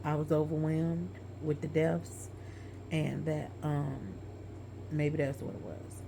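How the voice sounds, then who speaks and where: Gravelly low-voiced woman. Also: flat delivery, takes it slowly. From Texas. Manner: candid, emotional, addresses viewers as y'all. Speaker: vlogger. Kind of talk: personal storytelling. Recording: light background noise.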